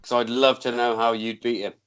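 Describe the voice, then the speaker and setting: A man co-hosting a podcast asks the guest his questions in casual chat. His voice sits at a middle pitch. He often restarts his sentences before getting the question out. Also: fairly even intonation, brisk, fairly bright tone, smooth. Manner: stumbling restarts when asking questions. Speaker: podcast co-host asking questions.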